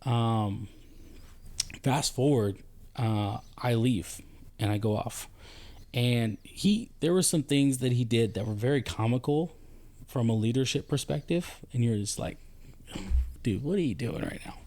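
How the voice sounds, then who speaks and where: A man from the United States, a former Army leader, talking on a podcast in a halting, reflective way, often searching for words. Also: medium pitch, a little mellow. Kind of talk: casual podcast conversation.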